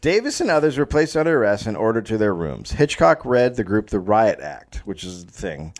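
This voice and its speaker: A man's voice: lowish voice, sing-song, brisk, darkish tone. A man tells a history story for a comedy podcast, his voice swinging up and down as he reads. He stops now and then to joke along, slipping into goofy voices.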